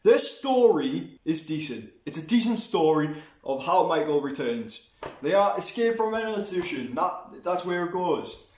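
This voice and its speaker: A man's voice: fairly high pitch, big pitch swings, unhurried, a little mellow. A young man ranting through a movie review, sweary and rambling with many restarts. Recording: echoey room.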